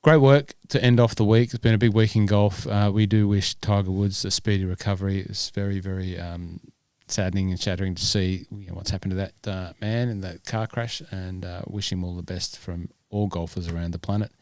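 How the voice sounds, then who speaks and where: A man hosting a podcast speaks in a lowish voice. He sounds upbeat and pauses on fillers as he talks. The sound is close and dry. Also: fairly even intonation, a little mellow, clear, resonant tone, no room sound. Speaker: podcast host. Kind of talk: casual podcast chat.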